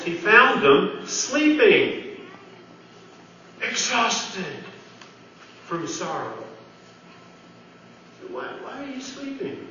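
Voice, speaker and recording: A man delivers a sermon at an unhurried pace, his voice bright and a little high. He talks to the congregation like friends, asking them questions. The sound is distant and dull, swimming in the echo of a big hall. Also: slight background noise. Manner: earnest, conversational preaching with questions to the congregation. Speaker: pastor.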